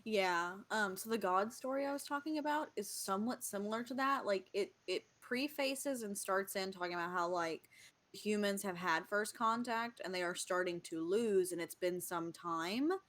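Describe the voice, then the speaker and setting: A woman's voice: mid-range voice, normal speed, a bit bright. A woman co-hosting a podcast, chatting casually and enthusiastically, with rambling sentences full of fillers. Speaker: podcast co-host. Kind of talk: casual chat and reading writing prompts.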